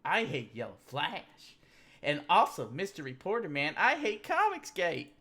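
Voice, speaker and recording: A man putting on a loud, grumpy man with a southern drawl who rants complaints. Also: fairly high pitch, wildly swooping pitch, a little slow, pitched above the performer's own voice, heavily acted. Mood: ranting.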